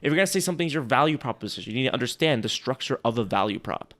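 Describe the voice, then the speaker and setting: Male co-host, mid-pitch, loose rambling delivery that keeps restarting itself. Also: lively intonation, rapid-fire, a bit bright. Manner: rambling, self-interrupting, joking. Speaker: podcast co-host. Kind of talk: casual chat critiquing sales emails.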